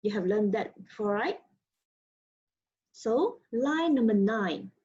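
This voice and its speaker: A woman's voice: on the high side, expressive, takes it slowly, darkish tone. A woman teaching Mandarin syllables and tones in English, patiently modeling each sound. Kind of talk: slow spoken language lesson. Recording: muffled lo-fi recording.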